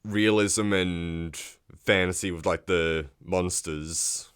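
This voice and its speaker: A man's voice: low-pitched, steady tone, takes it slowly, a bit bright, clean tone. A man co-hosting a casual podcast who walks through film scenes and acts out quotes along the way. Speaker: podcast co-host. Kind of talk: casual chat.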